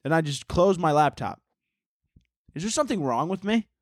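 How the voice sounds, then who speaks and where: A man's voice: on the high side, animated, normal speed, dry recording, clean studio sound. A man hosting a solo comedy podcast, rambling in a goofy, crude way and slipping into mock-dramatic narration.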